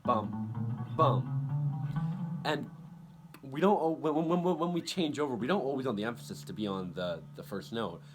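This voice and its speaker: A man giving a casual guitar lesson, talking in halting bursts with many restarts and counting beats aloud. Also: medium pitch. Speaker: guitar teacher. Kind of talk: casual instructional talk over guitar playing. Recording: loud guitar playing behind the voice.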